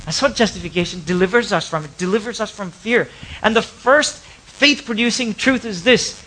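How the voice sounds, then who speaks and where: A male pastor delivers a sermon to his church. His voice sits high and sounds bright and forceful. He stretches key words for emphasis, swells with passion and then falls to soft, confiding asides. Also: rough recording. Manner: impassioned, drawn-out emphatic words, sudden drops to soft asides.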